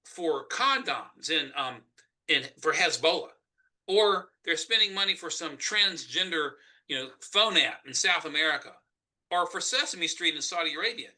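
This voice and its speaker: A man's voice: fairly high pitch, expressive, normal speed. A man with a Southern US accent, speaking emphatically as a Senate candidate in a political interview. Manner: emphatic, forceful argument.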